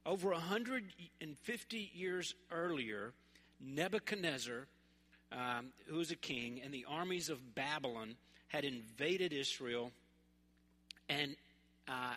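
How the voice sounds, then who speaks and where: A man from West Tennessee, preaching a sermon in a relaxed, conversational, humorous storytelling way. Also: medium pitch, measured pace. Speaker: pastor. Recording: echoey hall.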